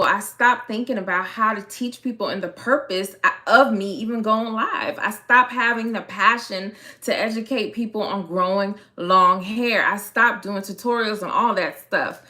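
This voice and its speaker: Bright-voiced chatty woman with a Miami accent. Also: medium pitch. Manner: animated and chatty, slangy, laughing often. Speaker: hair care content creator. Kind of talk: casual story time.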